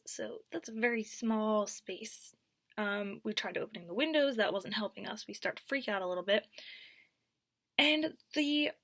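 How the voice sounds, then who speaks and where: A young woman telling a storytime vlog, animated, dropping to whispers and then rising to loud bursts. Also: fairly high pitch, no echo, clean studio sound. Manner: animated, swings from whispers to near-shouts. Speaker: vlogger.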